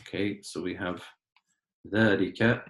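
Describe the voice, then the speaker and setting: Low-voiced man teaching Arabic, echoey room. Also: fairly even intonation, a little slow. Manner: patient, explains step by step, clears throat often. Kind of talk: online class lesson.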